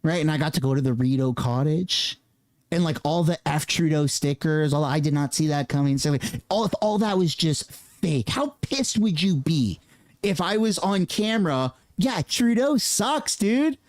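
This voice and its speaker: A man hosting a casual political commentary rant, swearing and mocking other people with quick impressions. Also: fairly high pitch, no room sound.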